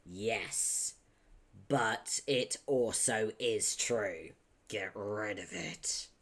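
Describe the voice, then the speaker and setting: A man puts on a stoic young man with a deep Texan drawl who speaks slowly and flatly. His words sink into rough whispers at times. It is a comic read-aloud with a very low, unhurried delivery. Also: exaggerated voice. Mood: stubborn. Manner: slow, flat menace, drops to whispers.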